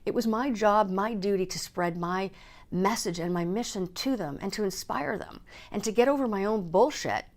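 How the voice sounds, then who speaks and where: A woman's voice: medium pitch, normal speed. A woman in a personal vlog, speaking candidly and emotionally, and swearing casually. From Canada. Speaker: speaker and coach.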